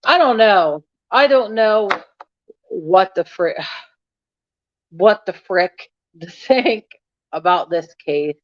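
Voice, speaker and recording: A woman's voice: medium pitch, expressive, takes it slowly, long pauses, dry recording, dull audio. A woman vlogging in a loose, rambling casual chat. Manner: chatty, rambling, talks to her cat between thoughts.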